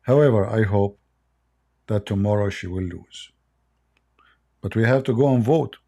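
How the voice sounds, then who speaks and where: A man's voice: on the low side, a little slow, vocal fry, warm tone. A middle-aged man with an Arabic accent hosting a livestream, blunt, mocking and emphatic in his commentary. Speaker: livestream host.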